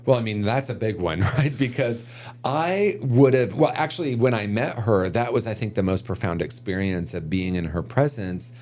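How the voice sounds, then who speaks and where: A man's voice: on the low side, animated, normal speed, a little mellow. A man speaking as a podcast guest on recovery, reflective and earnest, thinking aloud and often restarting his sentences. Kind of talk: conversational podcast interview.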